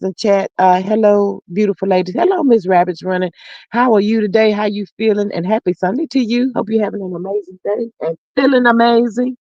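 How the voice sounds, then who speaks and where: A woman's voice: fairly high pitch, darkish tone, no echo, lo-fi sound. A woman hosting a casual livestream, reading viewers' comments aloud and chatting with them affectionately, calling them honey and child. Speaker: livestream host reading chat.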